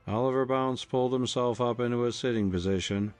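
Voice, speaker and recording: A man narrating an audiobook in an even storytelling delivery. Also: medium pitch, brisk, clean tone, no echo, faint music behind.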